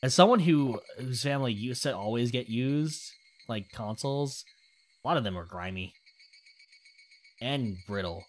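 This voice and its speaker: A woman's voice: a bass voice, animated, unhurried, long pauses. A young woman streaming a game, chatting casually and explaining the story in a rambling way. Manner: chatty, rambling, reads game text aloud.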